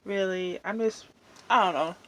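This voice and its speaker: A mukbang vlogger with a medium-pitched, slightly bright voice chats casually while eating at home. She vents in a rambling, drawn-out way, full of fillers.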